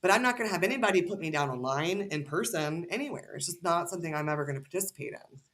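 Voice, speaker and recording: A woman's voice: fairly low pitch, lively intonation, quick pace, a bit bright. A woman as a podcast guest, ranting heatedly and cursing freely in casual conversation.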